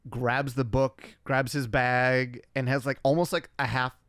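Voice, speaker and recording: A man co-hosting a podcast, casually retelling scenes in a relaxed, wry way with filler words. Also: medium pitch, measured pace, clear, resonant tone, dry recording, studio quality. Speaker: podcast co-host. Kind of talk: casual recap chat.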